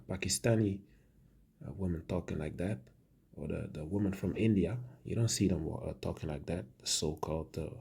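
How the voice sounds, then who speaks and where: Brief: male religious commentator, dark and raspy, halting preaching delivery. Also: deep voice. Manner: halting, repeats words, many fillers; ends phrases with "man".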